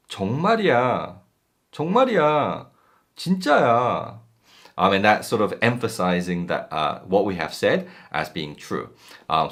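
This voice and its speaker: Male language teacher, low voice with lively swings, loose and chatty with lots of fillers. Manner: relaxed, many ums and uhs, acts out example phrases. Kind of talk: casual explanatory lesson.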